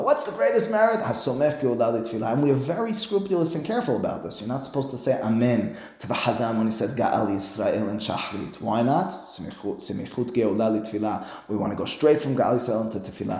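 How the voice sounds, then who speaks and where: Male rabbi, Talmud lecturer, medium pitch, echoey room, animated delivery. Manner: animated, plays both sides of a dialogue, peppered with Hebrew terms. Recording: roomy echo.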